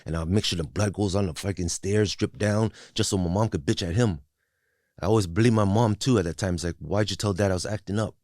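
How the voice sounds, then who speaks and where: Low-voiced man in his forties, blunt. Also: a little fast, darkish tone, dry recording, studio quality. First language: not English. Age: 40s. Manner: blunt and profane, with many restarts and "you know what I mean". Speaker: guest. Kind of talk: candid personal storytelling.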